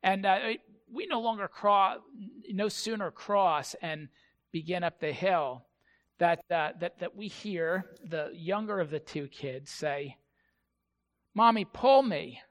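A man preaching a sermon, with a bright voice pitched a little high. He tells a story in a halting way, often repeating words. He leans into key lines slowly. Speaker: pastor.

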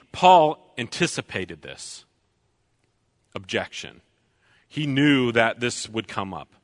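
A man preaching a sermon, slow and deliberate, repeating key lines for emphasis. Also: mid-range voice, fairly bright tone.

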